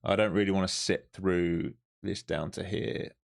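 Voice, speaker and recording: A man's voice: sits low, steady tone, a little slow, gravelly. A tired man, giving loose, chatty live commentary as he trades on a stream. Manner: chatty, loose and profane, thinking aloud. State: overtired.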